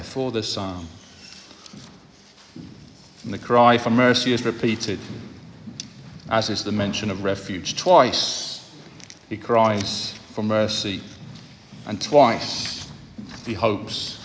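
Guy preaching a sermon, measured, repeats stuff for emphasis, long echo like a big hall. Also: mid-range voice, fairly bright tone.

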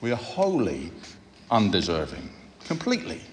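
A man preaching a sermon, speaking in a measured way and repeating phrases for emphasis. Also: fairly low pitch, huge pitch swings, a little hiss or hum. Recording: long hall reverb.

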